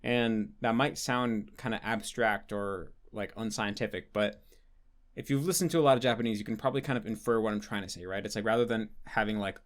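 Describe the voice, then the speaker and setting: A man's voice: fairly low pitch, brisk. Rambling man answering questions. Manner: rambling, restarts with many likes, explanatory. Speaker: host answering patron questions. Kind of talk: casual Q&A monologue.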